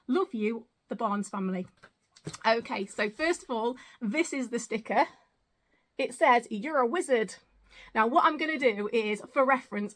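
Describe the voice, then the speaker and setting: A high-pitched woman vlogger in her thirties chats away as she opens parcels. She is excitable and warm with thanks, counting items one by one in a casual, rambling way. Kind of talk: casual unboxing vlog.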